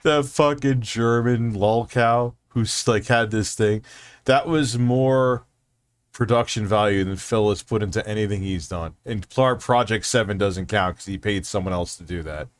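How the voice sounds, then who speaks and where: A man's voice: lowish voice, a little slow. A man hosting a casual livestream, rambling and swearing freely while reading out chat messages. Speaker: livestream host.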